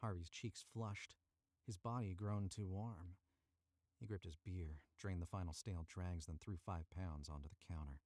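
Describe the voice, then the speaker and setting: With a deep, slightly mellow voice and a measured pace, this man sounds studio quality, no room sound. He's a voice actor reading a story live from a tight booth, chatting with the audience and retaking lines he trips on.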